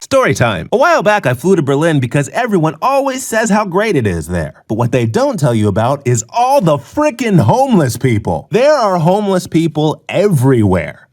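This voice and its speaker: A man's voice: a little high, wildly swooping pitch, normal speed, few pauses. A male comedian telling a sarcastic comic story in punchy jokes.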